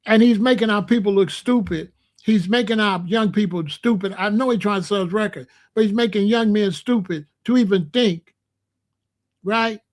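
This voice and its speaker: A rap commentator offers opinionated commentary on a vlog, speaking emphatically and preachily, repeating himself and using slang. His voice sits high, and his pace is moderate.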